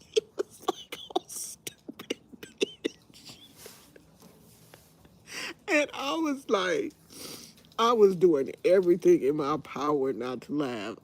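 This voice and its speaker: A woman hosting a live stream, telling a story in a casual, animated way and laughing often. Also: low voice, slight background noise.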